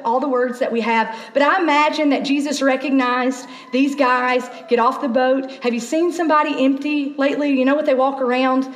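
Animated woman preaching in an echoey hall. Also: sits high. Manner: conversational, animated storytelling with acted asides. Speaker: pastor. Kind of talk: sermon.

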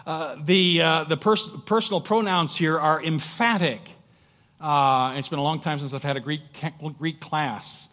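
A man preaching a sermon as pastor, emphatic, swelling to loud peaks and stumbling through fillers. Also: on the high side, unhurried. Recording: long hall reverb.

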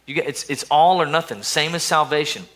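A middle-aged male pastor preaching in a bright, somewhat high voice. His delivery is loose and conversational. He stumbles over repeated words and drops to a quieter tone to quote inner thoughts. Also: a little fast. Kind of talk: sermon. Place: church service.

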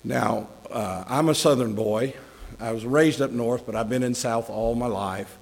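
A man's voice: mid-range voice, unhurried, vocal fry. A middle-aged man giving a conversational sermon as a guest preacher, folksy and joking with chuckling asides. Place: church sanctuary. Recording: long hall reverb.

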